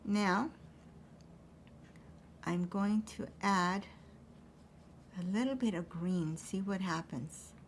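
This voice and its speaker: A woman teaching an acrylic painting demonstration, thinking aloud as she paints in a relaxed way. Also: mid-range voice, takes it slowly, pauses often, a little hiss or hum.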